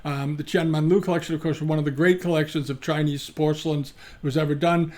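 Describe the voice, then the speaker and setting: A man's voice: fairly high pitch, steady tone, quick pace, darkish tone. A man giving casual, opinionated commentary on antiques auctions, talking frankly and often restarting his sentences.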